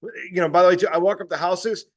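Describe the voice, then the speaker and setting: A man with a somewhat high voice runs a casual sales training session. He rambles and restarts, swears freely, and keeps checking in with his listeners. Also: steady tone, quick pace.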